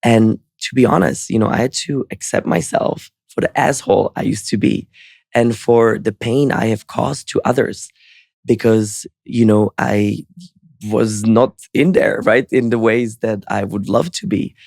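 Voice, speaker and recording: Podcast guest, man, gravelly voice, earnest reflective delivery, dry close mic. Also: lowish voice, a little slow, darkish tone, no echo. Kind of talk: storytelling interview answer.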